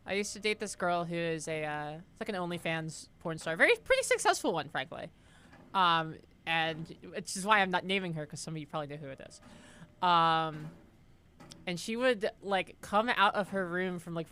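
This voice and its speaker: A woman's voice: on the low side, animated, normal speed, pushed and bright, clean tone. A young woman streaming a horror game, rambling and joking casually with her chat between moments of play. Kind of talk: casual gameplay commentary.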